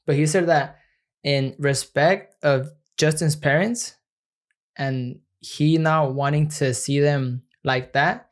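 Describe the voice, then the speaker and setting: A man's voice: a little high, fairly even intonation, slow. Laid-back, slangy man chatting. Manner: laid-back, slangy, laughs often, fond of silly impressions. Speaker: podcast co-host. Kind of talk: casual chat.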